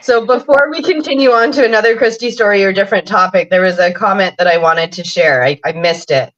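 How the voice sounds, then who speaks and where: A woman's voice: medium pitch, brisk, a bit bright. A woman hosting a casual chat, reading viewer comments aloud and laughing along. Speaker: host. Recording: slightly muffled sound.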